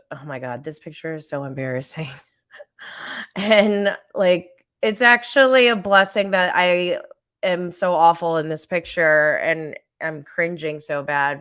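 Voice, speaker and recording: A woman podcast host in her thirties talks through a solo recap in an unhurried, rambling way. Her voice is smooth and clear, a little lower than most. The sound is dry and close. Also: a bit bright, no room sound. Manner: chatty, rambling with fillers and self-aware laughs. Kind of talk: casual solo recap chat.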